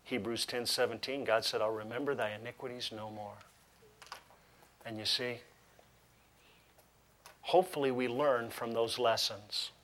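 Animated male preacher, humorous asides. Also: mid-range voice, measured pace, pauses often, a little hiss or hum. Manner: reads scripture aloud with emphasis. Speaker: pastor. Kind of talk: sermon.

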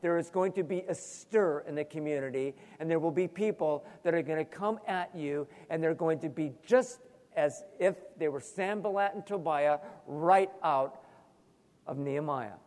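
A male pastor preaching a sermon, animated, with sudden emphatic rises and asides. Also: on the high side, moderate pace, big-room sound.

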